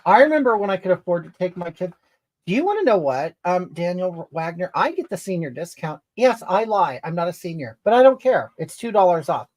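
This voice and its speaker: On an improvised comedy stream, a livestreamer reads comments in character as a crude, entitled, brash woman. The voice is mid-range, brisk and very animated, scolding and indignant as it rambles at chat.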